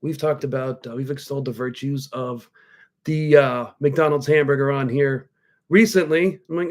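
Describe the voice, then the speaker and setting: A man's voice: on the high side, steady tone, moderate pace, a little mellow. A man in his forties hosting a podcast live, telling stories in a loose, profane, rambling way while sipping a drink. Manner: drinking a cocktail while talking. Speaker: podcast host. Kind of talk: casual live-stream chat.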